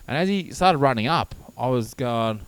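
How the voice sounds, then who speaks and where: A man co-hosting a podcast, telling stories in casual, animated chat with lots of swearing. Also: mid-range voice, normal speed, clean tone. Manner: animated, swearing, laughing storyteller. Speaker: podcast co-host.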